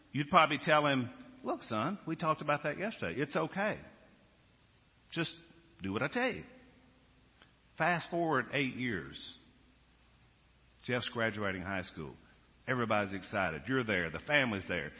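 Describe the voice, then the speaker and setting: A male pastor preaching a sermon, moving from hushed storytelling to loud, emphatic exhortation. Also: mid-range voice. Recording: dull sound with long hall reverb.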